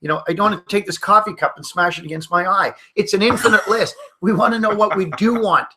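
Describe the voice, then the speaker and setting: A man's voice: high-pitched, fast talker, bright, forceful tone. A middle-aged man teaching hypnosis in a webinar, telling stories and acting out the voices of the people he quotes. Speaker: hypnosis trainer.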